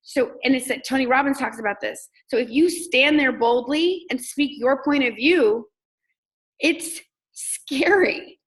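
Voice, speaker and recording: On a low-quality recording, a high-pitched, fairly bright female voice moves a little slowly. She's a comedian and coach from Texas, chatting openly in a relaxed interview and telling stories full of fillers.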